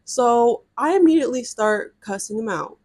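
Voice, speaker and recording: A young woman casually telling a personal story to her followers, chatty and animated, filling her talk with "like". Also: a little high, normal speed. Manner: chatty and animated, with heavy use of "like" and reenacted dialogue. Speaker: storytime vlogger.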